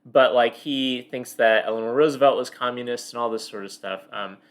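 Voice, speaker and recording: A man's voice: medium pitch, fairly quick. Rambling male podcast co-host. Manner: rambling, many fillers and restarts. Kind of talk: casual book discussion.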